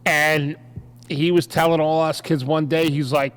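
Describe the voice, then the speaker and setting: Slow-talking man telling a story. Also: fairly high pitch, level tone, smooth. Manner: unhurried storyteller. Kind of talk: casual chat.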